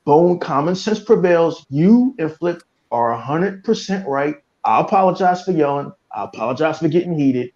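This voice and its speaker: A male podcast host launches into a heated, profane rant, fiery and cursing as he repeats the same points over and over. His high-pitched voice has a dark, mellow timbre and lively intonation, delivered at a moderate pace with few pauses. The audio is muffled and lo-fi.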